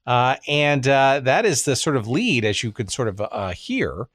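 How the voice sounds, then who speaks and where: A man's voice: medium pitch, very animated, unhurried, fairly bright tone, no echo. Chatty male podcast host, dry sound. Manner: chatty, hesitant, many fillers. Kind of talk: casual podcast introduction.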